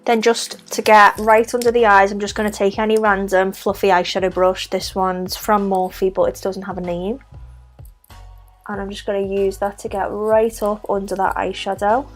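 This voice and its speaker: A young woman with a broad Scouse accent narrates her makeup routine in a casual, chatty way, naming each product and brush as she goes. She drops in little self-deprecating asides. Faint music plays quietly underneath her mid-pitched voice. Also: little pitch movement, normal speed. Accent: Scouse (Liverpool). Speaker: makeup vlogger.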